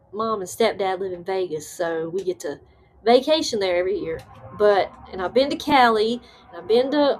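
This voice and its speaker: A woman hosts a casual livestream in a voice of ordinary middle pitch. She answers her viewers' comments in a chatty, rambling way and often trails off mid-thought. She breaks into excited, high laughter. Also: a little hiss or hum. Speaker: livestream host.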